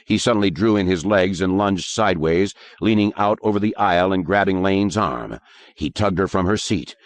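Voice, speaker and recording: A man narrating an audiobook in a measured, expressive way. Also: low-pitched. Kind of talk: scripted narration.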